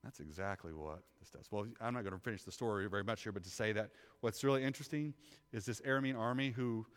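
A man preaching a sermon, telling a Bible story with lively acted-out voices and shifts from loud to hushed. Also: medium pitch, fast talker, clear, resonant tone. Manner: animated storytelling, acting out biblical figures. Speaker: pastor. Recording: long hall reverb.

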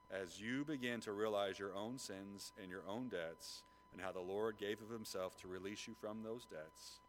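A man's voice: lowish voice, a little hiss or hum. A man preaching a sermon as pastor, talking conversationally and prodding the congregation with questions.

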